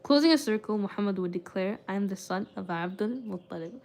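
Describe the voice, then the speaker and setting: A woman's voice: mid-range voice, lively intonation, fast talker, darkish tone, slight background noise. A young woman streamer reads a book aloud with frequent stumbles and restarts, then breaks off into loose, casual chat with her viewers, full of "like" and "I don't know".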